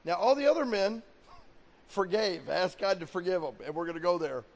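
High-voiced preacher in a reverberant hall. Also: male voice, lively intonation, brisk, creaky. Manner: preaching with acted-out quotes of God and people. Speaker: pastor. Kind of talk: sermon.

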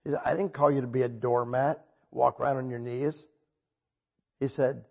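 A man preaching a sermon and telling a story, animated and breaking into loud bursts when he quotes himself. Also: medium pitch, normal speed, gravelly.

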